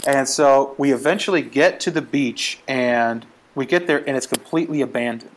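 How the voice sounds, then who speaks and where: A man in casual conversation recounts a story with relish, slipping into the voices of the people in it. His pitch sits in a steady middle range. The delivery is chatty and unscripted. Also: moderate pace, a little hiss or hum. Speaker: podcast guest.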